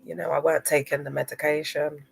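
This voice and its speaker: A young woman on a livestream, speaking emotionally and haltingly, often repeating herself. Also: low voice, level tone, vocal fry. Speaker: live stream host.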